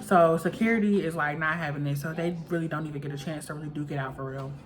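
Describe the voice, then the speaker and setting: A woman's voice: sits low, steady tone, quick pace. A woman vlogger casually recapping a reality show episode in a chatty, gossipy way, full of "like" fillers.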